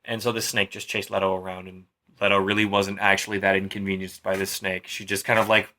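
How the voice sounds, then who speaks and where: A man's voice: deep voice, flat delivery, quick pace, sharp tone. A tipsy young man casually retelling a Greek myth in a rambling, profane way. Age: young adult. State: drunk. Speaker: storyteller.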